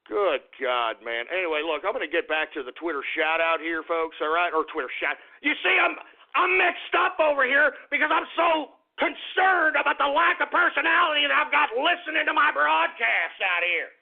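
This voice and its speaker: Ranting, high-voiced male radio host. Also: lively intonation, moderate pace, gravelly. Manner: ranting, profane, repetitive. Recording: phone-like talk radio audio.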